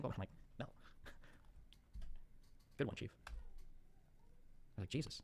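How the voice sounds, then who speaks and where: A man's voice: on the low side, lively intonation, a little mellow. A man in a casual monologue, recounting an argument and acting out both sides, with lots of "like" and "um.". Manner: rapid rambling retelling, acting out both sides, full of "like" and "um".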